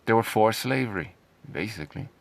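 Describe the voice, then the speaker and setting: A man's voice: fairly low pitch, animated, a little fast, vocal fry. A man ranting in a sarcastic, heated way, reading out news lines and mocking them with scornful laughs. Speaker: commentary vlogger.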